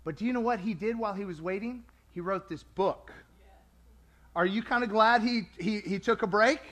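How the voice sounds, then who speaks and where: A man preaching a sermon to a congregation in a lively, conversational way, acting out quoted voices. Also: high-pitched, normal speed.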